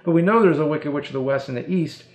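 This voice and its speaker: A man's voice: on the high side, quick pace. A man co-hosting a casual chat, recalling things easily with lots of fillers. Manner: easygoing, filler-heavy recollection. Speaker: co-host. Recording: roomy, slightly dull audio.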